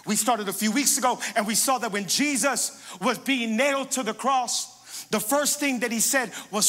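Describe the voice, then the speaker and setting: Man, pastor, sermon, emphatic preaching, high voice, bright tone. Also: lively intonation, normal speed, big-room sound. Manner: emphatic preaching, swings between hushed and loud.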